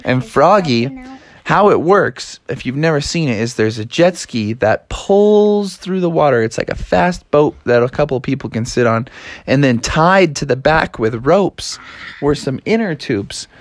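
A man's voice: fairly high pitch, measured pace, no echo. A man telling a read-along children's story with a bouncy, sing-song rise and fall. His delivery is laid-back and playful, recorded close with a dry sound. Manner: casual, lively, playful.

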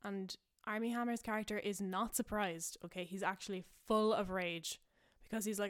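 A woman's voice: medium pitch, fairly even intonation, moderate pace, hardly any pauses. A young woman hosting a podcast, rambling casually through a made-up story, full of fillers and self-amused asides. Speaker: podcast host.

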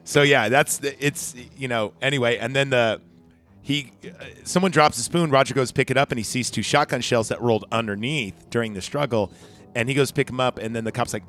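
A man's voice: mid-range voice, brisk, fairly bright tone, faint music behind. A man casually recapping a film on a podcast, rambling and swearing as he acts out its lines. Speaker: podcast co-host. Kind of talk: casual movie recap chat.

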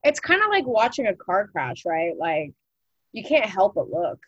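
A woman with a mid-pitched voice trades playful, slangy banter and laughs easily. It is a casual podcast, recorded on a dry, close mic. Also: sing-song, moderate pace, a bit bright, breathy edge, dry recording, dull audio. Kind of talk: casual chat.

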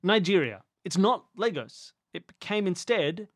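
Playful, think-aloud podcast host, animated intonation, dry recording. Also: medium pitch, measured pace, dry recording. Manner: playful, thinks aloud, jumps between loud and murmured. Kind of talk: casual chat, quizzing self on capitals.

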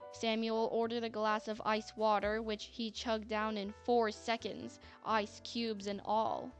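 A woman narrating a story in a chatty manner, with sarcastic asides. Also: mid-range voice. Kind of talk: scripted narration. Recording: faint music bed.

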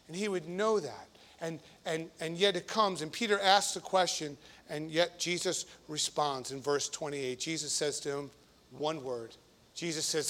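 Man, priest, sermon, high-pitched, bright tone, conversational, emphatic repetition. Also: expressive, unhurried.

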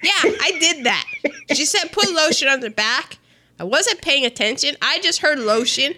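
A woman co-hosting a casual chat about a film, animated and jokey, talking straight to the characters. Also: sits high, moderate pace.

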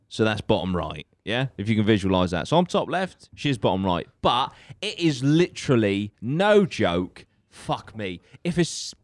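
A young man telling a story on a podcast, animated and sweary, laughing often. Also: medium pitch, dry recording. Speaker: podcast co-host. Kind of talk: casual storytelling chat.

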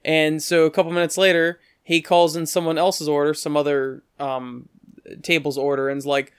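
Chatty man with a smooth, clear voice. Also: level tone, moderate pace, dry recording, clean studio sound. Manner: rambling, acts out quoted voices with pitch jumps. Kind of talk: casual storytelling.

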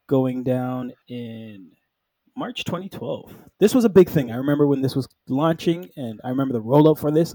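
Laid-back man with a mellow voice. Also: medium pitch, breathy edge, no room sound, poor audio. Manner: animated storytelling, acting out characters in quick quoted lines; peppers speech with "like". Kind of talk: casual comic book chat.

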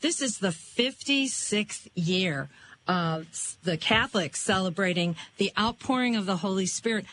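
A woman's voice: mid-range voice, unhurried, a bit bright, a little hiss or hum, low-quality recording. Affirming female host. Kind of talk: casual chat.

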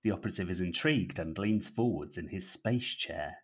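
A man's voice: low-pitched, lively intonation, a little fast, breathy edge. A man co-hosting a comedy podcast, reading out his own comic sketch and laughing through it. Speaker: podcast co-host.

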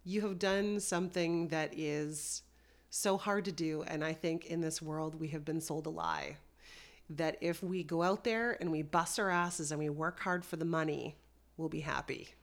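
A woman's voice: sits low, moderate pace. A woman hosting a podcast, speaking in an encouraging, heartfelt and earnest way. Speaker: podcast host. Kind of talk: interview conversation.

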